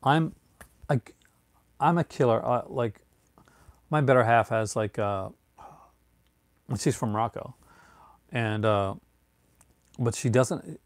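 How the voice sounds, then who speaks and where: A man's voice: mid-range voice, slow pace, long pauses, no room sound. A man from Newfoundland with a Newfoundland accent, chatting casually and rambling through tangents as a streamer answering viewer chat. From Newfoundland, Canada.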